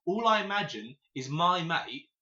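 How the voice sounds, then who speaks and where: A man's voice: on the high side, very animated, normal speed, bright, forceful tone. A man co-hosting a casual podcast, insistent and swearing as he keeps restarting to explain his point. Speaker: podcast co-host. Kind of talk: casual chat. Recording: echoey dull lo-fi podcast audio.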